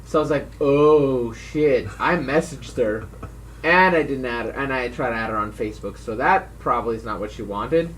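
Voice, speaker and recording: A man's voice: mid-range voice, normal speed, fairly bright tone. A man co-hosting a casual drinking podcast, joking and swearing freely among friends. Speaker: podcast co-host. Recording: voice a bit far from mic, faint noise.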